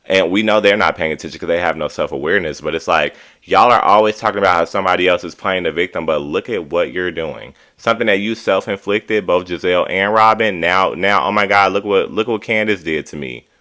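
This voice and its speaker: A man hosting a casual reality TV recap, talking in an animated, sassy, opinionated way. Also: low-pitched. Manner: animated, sassy, drawn-out commentary.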